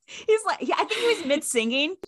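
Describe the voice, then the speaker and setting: A young woman co-hosting a fan podcast, telling animated stories in casual chat and laughing often. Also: high voice, normal speed, no room sound, studio quality. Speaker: podcast co-host.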